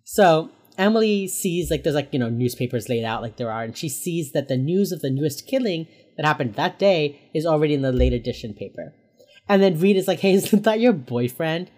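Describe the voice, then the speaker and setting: A woman's voice: deep voice, fairly quick. A young woman co-hosting a podcast, casually recapping a TV episode and acting out characters' lines. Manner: animated, acts out characters' lines with laughs. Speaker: podcast co-host.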